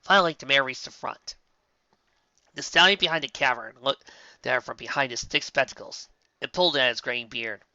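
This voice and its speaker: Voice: medium pitch, normal speed, bright, forceful tone, no echo. An audiobook reader expressively reading fan fiction aloud, with occasional slips, on a slightly dull, dry recording.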